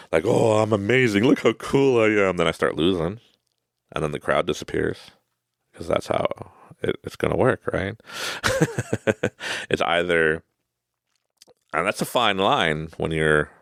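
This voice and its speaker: A podcast host delivers a casual, rambling storytelling monologue, laughing often and acting out the people he quotes. His deep voice has vocal fry, recorded with studio quality and no echo.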